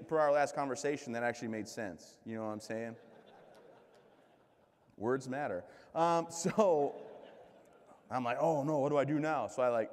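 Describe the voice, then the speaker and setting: A man in his thirties delivers a comic keynote on stage. He pokes fun at himself and slips into animated voices for the people in his stories. His voice has a middle pitch, and it rings with the long echo of a big hall. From United States. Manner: joking, self-deprecating, lively quoted voices. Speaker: keynote speaker. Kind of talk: comedic storytelling speech. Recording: reverberant hall.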